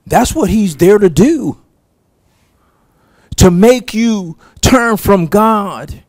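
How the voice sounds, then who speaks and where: A man preaching a sermon, slow and emphatic, with long pauses between phrases. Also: high-pitched, a little mellow, dry recording. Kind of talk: sermon teaching.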